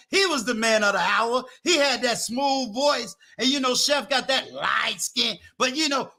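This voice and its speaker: High-pitched dude hyping up his guest, loud and shouty, bright sharp voice. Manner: loud, shouting hype announcer style. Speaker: host. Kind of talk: hyped show intro then casual interview.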